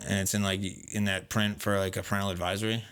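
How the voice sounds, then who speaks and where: A man co-hosting a podcast, telling a workplace story in casual, profane, animated chat. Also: fairly low pitch, clean tone. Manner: profane, animated retelling with quoted voices; fast, rambling with fillers. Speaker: podcast co-host.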